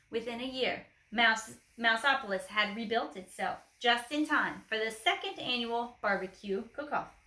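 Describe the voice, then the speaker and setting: A woman reading a children's picture book aloud, lively with playful asides. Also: on the high side. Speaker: storyteller. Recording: echoey room.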